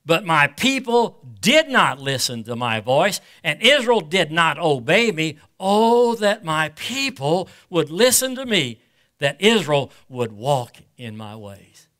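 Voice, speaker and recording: A male pastor with a high, bright, ringing voice preaches a sermon. He reads scripture in slow, weighty swells and keeps asking the congregation questions. When he turns to personal stories he stumbles and repeats himself. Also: big pitch swings. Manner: preaches in swells, reading scripture slowly and emphatically; asks the congregation rhetorical questions.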